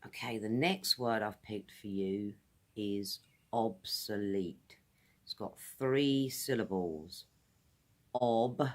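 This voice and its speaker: Slow-spoken British woman teaching English. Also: extremely low pitch. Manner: friendly, repeats words slowly for pronunciation. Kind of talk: casual video lesson. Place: outdoors.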